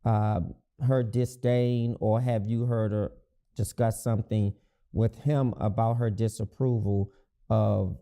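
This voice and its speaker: Man, co-host, slow halting questions, very dark tone. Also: on the low side, fairly even intonation, creaky. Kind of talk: casual questions.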